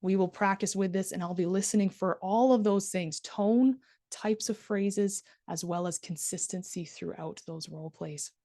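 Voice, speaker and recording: A middle-aged woman teaching a live online class, modelling soft empathetic phrases and stressing key words as she speaks to her students. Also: medium pitch, moderate pace, dry recording, studio quality.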